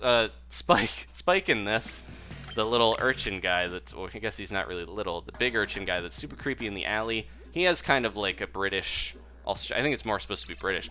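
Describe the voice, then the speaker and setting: Pushed and bright, this man's voice sits on the low side. He's a game streamer chatting live as he plays, frequently laughing and reading messages from viewers aloud while game music plays in the background.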